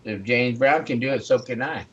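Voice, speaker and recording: A man chatting on a video call, talking slowly and laughing often. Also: medium pitch, slightly rough, dull audio. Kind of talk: casual chat on a video call.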